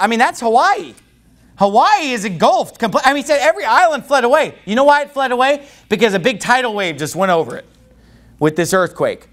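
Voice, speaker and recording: High-voiced preacher who breaks into shouts. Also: male voice, expressive, quick pace. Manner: rising to shouts when worked up. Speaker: pastor. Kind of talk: fiery sermon.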